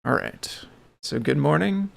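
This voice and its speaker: A man hosting a casual livestream, talking softly and a bit mumbled into a desk microphone. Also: fairly high pitch, expressive, a little slow, creaky. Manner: mumbling, soft-spoken. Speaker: livestream host.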